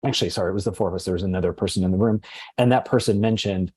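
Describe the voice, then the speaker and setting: A man who works as a teacher, telling a heartfelt story in a casual podcast talk, halting often and restarting his sentences. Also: low voice, darkish tone, husky, dry recording.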